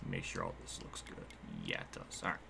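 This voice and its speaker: A young man casually talking through a racing game livestream, excitable, laughing often and quick to swear. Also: rumbling low, creaky, background noise.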